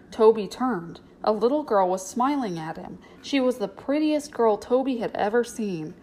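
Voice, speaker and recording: A woman narrating a storybook in a steady, clear way. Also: fairly high pitch, normal speed, few pauses, rough recording. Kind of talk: storybook reading.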